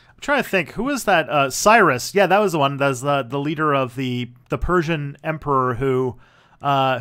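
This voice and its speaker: A man's voice: medium pitch, fairly bright tone, clear, resonant tone. A man hosting a casual livestream, commenting on his own old videos in a loose, rambling way. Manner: rambling, with many fillers and restarts. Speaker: channel host.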